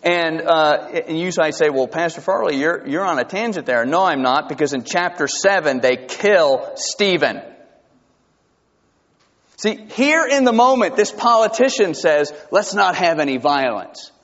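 A man preaching a sermon as pastor, emphatic and animated, often restarting his sentences. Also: on the high side, unhurried. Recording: dull lo-fi sound with long hall reverb.

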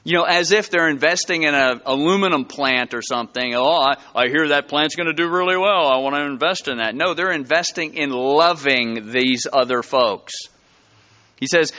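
A man preaching a sermon to his church, telling stories with lively, rising emphasis. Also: on the high side, normal speed, in a large hall, highs cut off. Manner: animated storytelling with rising emphasis. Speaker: pastor. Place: church sanctuary.

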